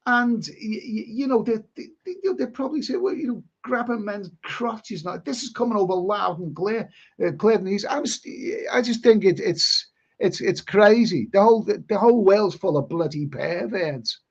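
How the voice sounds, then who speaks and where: A man's voice: sits high, lively intonation, creaky, breathy edge, lo-fi sound. A man hosting a casual live stream, rambling through viewer comments with many stumbles and restarts, a bit bunged up with hay fever. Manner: halting, many repeated words and restarts. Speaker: livestream host reading viewer comments.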